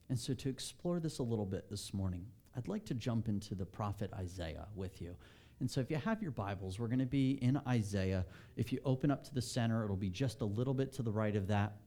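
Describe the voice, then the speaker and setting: A man in his thirties preaching a sermon in a church, telling a personal story with lively acted-out quotes before turning to scripture. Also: on the low side, fairly quick. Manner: animated storytelling, acts out quotes. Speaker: pastor. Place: church sanctuary.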